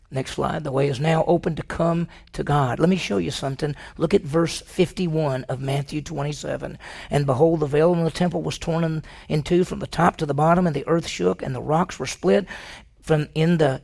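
A man preaching a sermon as a pastor, swinging from loud urgent runs to hushed, near-whispered lines. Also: on the high side, gravelly.

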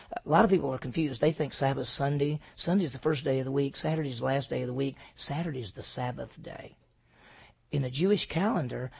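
A man preaching a sermon, emphatic, asking rhetorical questions and swinging between loud and hushed delivery. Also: a little high, vocal fry, slightly rough. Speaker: pastor.

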